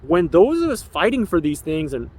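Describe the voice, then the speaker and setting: A man's voice: fairly high pitch, very animated, moderate pace, a little mellow, slight background noise. A man in his forties, an activist, delivering an emotional, rambling personal documentary monologue with an aggrieved tone. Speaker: activist and filmmaker.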